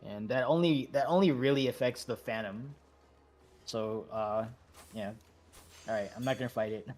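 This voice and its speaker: Laid-back man leading a voice-chat raid. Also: medium pitch. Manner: relaxed, halting, many fillers and restarts. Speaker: raid leader. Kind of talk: casual voice chat organizing a game raid.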